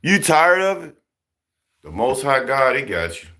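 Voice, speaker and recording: A commentary vlogger with a mid-range male voice speaks at an unhurried pace. His casual, preachy commentary is animated, and he keeps repeating himself and throwing out rhetorical questions.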